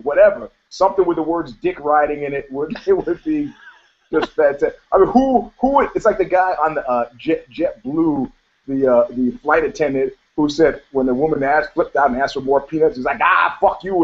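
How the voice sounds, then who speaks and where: A man's voice: a little high, slight background noise. A man co-hosting a casual talk show, telling profane stories and laughing often. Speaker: podcast co-host. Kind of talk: casual chat. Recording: dull lo-fi sound.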